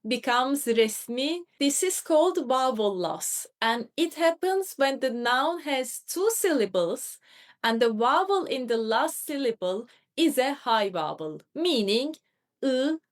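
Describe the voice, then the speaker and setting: Slow, lively-voiced woman teaching. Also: high voice. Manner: clear, careful, spells out sounds and examples. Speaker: Turkish teacher. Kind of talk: scripted grammar lesson.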